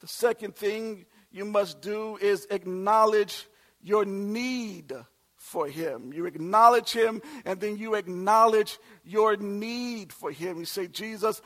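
A man in his forties preaching a sermon, calling out to the congregation and swinging from soft asides to shouted lines. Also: sits high, slow pace. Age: 40s. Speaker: pastor.

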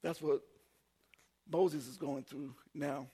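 A man in his forties preaching a sermon, telling funny personal stories and building up to shouts. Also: a little high, fairly even intonation, slow pace, breathy edge. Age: 40s. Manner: humorous storytelling, builds to shouting. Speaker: pastor.

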